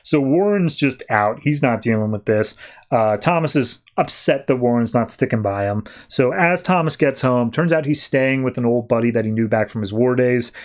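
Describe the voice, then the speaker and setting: A man hosting a podcast, casually recapping a comic book story with animated storytelling and quoted lines. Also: mid-range voice, moderate pace. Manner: animated storytelling, quoting characters. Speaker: podcast host.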